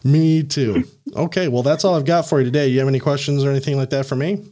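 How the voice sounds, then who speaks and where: A man hosting a podcast, coaching a guest in a casual, animated way, laughing and acting out the people he quotes. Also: medium pitch, fast. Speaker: podcast host and career coach.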